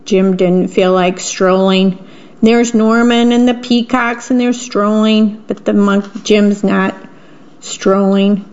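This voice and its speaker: A woman's voice: mid-range voice, steady tone, slow pace, darkish tone. A woman reading picture books aloud and describing the pictures between the lines. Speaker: reader. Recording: dull lo-fi recording.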